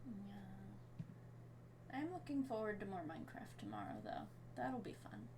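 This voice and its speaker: A woman's voice: medium pitch, wildly swooping pitch, measured pace, background noise. A sleepy woman streaming and chatting casually, rambling with many fillers. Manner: baby talk to her cat. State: sleepy, yawning.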